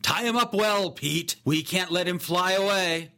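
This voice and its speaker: A man doing a loud, gruff sergeant. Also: sits high, measured pace, voice pushed up, heavily acted. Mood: threatening. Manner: shouting, threatening.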